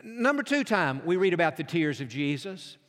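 A man with a notably high voice preaches a sermon from the pulpit of a large church. He tells stories in an earnest, heartfelt manner as a pastor. His words ring out with the long reverb of the big sanctuary. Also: big pitch swings, normal speed, a bit bright.

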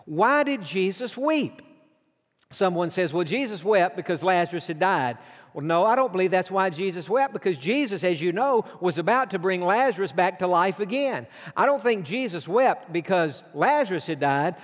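A pastor preaching a sermon, earnest and emphatic, slowing down for weighty lines. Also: male voice, sits high, animated. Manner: earnest, emphatic preaching with slow dramatic pauses. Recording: long hall reverb.

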